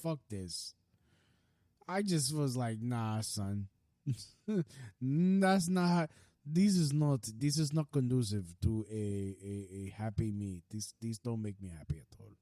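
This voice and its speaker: A man's voice: medium pitch, dark tone, no room sound, clean studio sound. A young man hosting a podcast, delivering a heated, profane ranting monologue full of restarts. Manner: heated, profane, fast-talking with many restarts. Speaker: podcast host.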